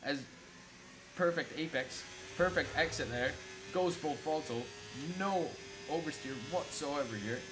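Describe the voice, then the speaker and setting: A young man from Italy, an excitable race commentator on a live stream who swears freely and banters with chat. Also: fairly high pitch, unhurried. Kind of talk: live sim racing commentary. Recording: noisy stream audio.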